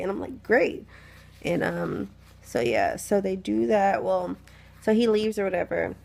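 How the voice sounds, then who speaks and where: Young woman, sick with flu; relaxed candid storytime, gravelly voice, mid pitch, phone mic in bed. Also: measured pace. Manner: chatty and candid, swears freely, laughs often. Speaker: vlogger telling a story. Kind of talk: casual storytime chat. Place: lying in a bed at home.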